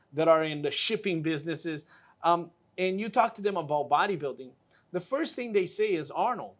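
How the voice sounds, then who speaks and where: A man's voice: fairly high pitch, a bit bright. A man hosting a casual interview show, talking with enthusiasm and repeating words for emphasis. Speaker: show host.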